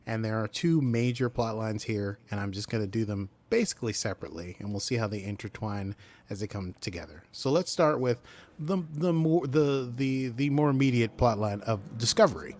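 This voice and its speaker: A man's voice: on the low side, moderate pace. A man co-hosting a podcast, recapping a TV episode in casual chat and acting out the characters' lines as he goes. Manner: animated, acts out character lines while recapping. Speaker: podcast co-host.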